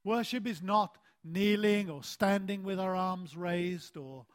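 Male preacher, high voice, unhurried sermon delivery; stresses key words and lets phrase endings drop soft, lifts his voice when he tells a story. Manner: deliberate, with emphatic phrase endings that fall soft; animated storytelling with a rising voice.

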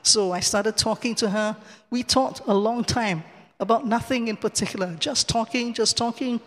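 A man giving a personal testimony in a cathedral, telling the story in a lively way, acting out the dialogue and chuckling often. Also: high voice, normal speed, big-room sound. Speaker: church speaker giving testimony. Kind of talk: personal testimony told from the pulpit. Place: large cathedral.

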